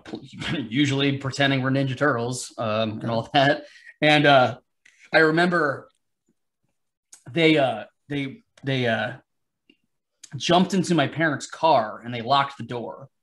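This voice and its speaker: A man's voice: mid-range voice, fairly bright tone. Rambling, self-deprecating male guest. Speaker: podcast guest, comic artist. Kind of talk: casual podcast chat.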